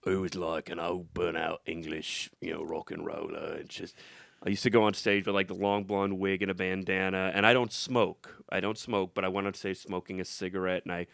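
A man with a lowish, gravelly voice hosting a comedy chat, full of quick puns and playful asides. The sound is dry, with no room echo. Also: flat delivery, fairly bright tone. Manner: quick-witted, playful wordplay. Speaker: comedian host. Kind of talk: casual comedy podcast chat.

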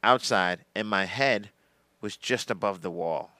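A man's voice: fairly low pitch, a little slow, bright, forceful tone, no room sound. A male comedian, a guest on a podcast, talking about his gigs in a laid-back casual chat and laughing easily.

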